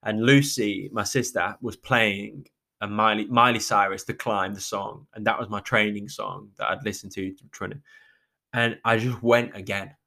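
Male podcast host, low voice, halting reflective monologue that keeps breaking off, near tears. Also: fairly even intonation, creaky, bright, forceful tone. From England. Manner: halting, with many restarts and trailing pauses. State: emotional, close to tears.

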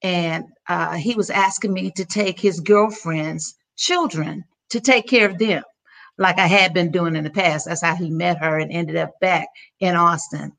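A middle-aged woman tells a personal story in an interview. Her voice is gravelly and sits a little low. She speaks earnestly, with feeling and frequent restarts. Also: measured pace, a bit bright. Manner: earnest, emotional, with many restarts. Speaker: interview guest.

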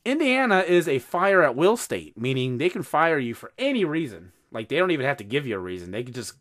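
A man hosting a podcast, telling a story in casual chat, animated and swearing freely. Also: fairly high pitch, fairly quick. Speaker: podcast host.

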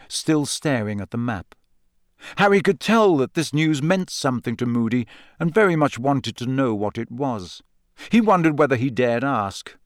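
An audiobook reader, a man with a mid-range voice, narrates a novel from a script in a measured, even storytelling manner. The recording is clean studio sound with no room echo.

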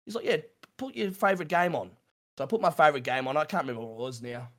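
A middle-aged Australian man telling his story in an interview, halting and repeating himself, with nervous laughs. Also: fairly high pitch, fairly bright tone. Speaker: streamer guest.

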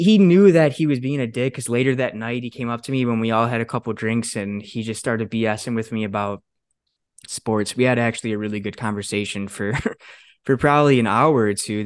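A man's voice: medium pitch, normal speed, clear, resonant tone, no room sound, clean studio sound. Swearing young man telling a story. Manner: animated, swears a lot, acts out quotes. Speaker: podcast co-host. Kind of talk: casual storytelling.

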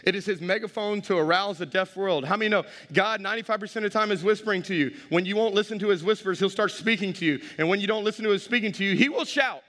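Middle-aged male pastor, high voice, energetic sermon, long church reverb. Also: quick pace, few pauses. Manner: energetic, humorous, rising to shouts. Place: large church.

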